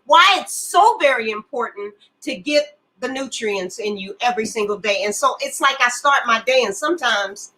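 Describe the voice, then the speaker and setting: A bright, high-voiced woman in her seventies hosting a friendly talk show. She talks in a bubbly, affectionate way, her pitch swinging up and down all through. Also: expressive, moderate pace, few pauses, poor audio. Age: 70s. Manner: bubbly and affectionate, calls people baby. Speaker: co-host. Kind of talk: casual chat.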